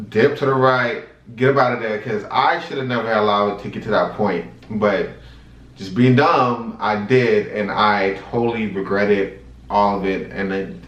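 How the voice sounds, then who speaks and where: A man in his twenties hosting a vlog, telling a story in a chatty, animated way and talking straight to his viewers. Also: mid-range voice. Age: 20s. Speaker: vlog host. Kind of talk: casual storytime monologue. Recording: roomy sound from a distant mic.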